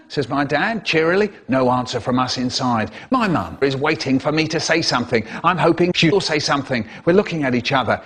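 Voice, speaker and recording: A man's voice: fairly high pitch, animated, normal speed, hardly any pauses, fairly bright tone, breathy edge. An older man telling a comic story with sing-song sound-effect words.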